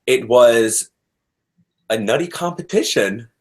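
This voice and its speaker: A man's voice: medium pitch, lively intonation, slow. A male co-host ranting in casual chat and swearing heavily.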